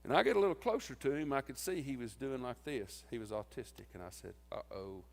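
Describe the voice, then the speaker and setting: Man, mid-pitched, folksy funeral eulogy, long church echo. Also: lively intonation, brisk, creaky. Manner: folksy, tells stories and acts out quoted lines. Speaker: eulogist at his wife's funeral. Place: church sanctuary.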